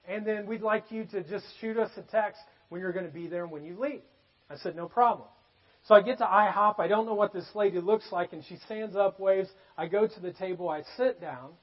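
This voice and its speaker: A man preaching a sermon as a pastor, emphatic and repetitive, then dropping to a hushed tone to tell a story. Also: sits high, slightly rough, dull audio.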